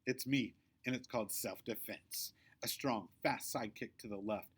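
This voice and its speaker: A man reading a children's chapter book aloud, with expressive storytelling in a middle pitch. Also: normal speed, husky. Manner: expressive storytelling, dropping low for narration tags. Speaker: reader.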